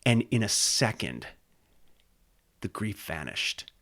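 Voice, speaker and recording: A man speaking as a podcast guest in an earnest, halting way, often restarting his sentences. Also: on the low side, very animated, a bit bright. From United States. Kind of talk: casual interview. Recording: podcast interview.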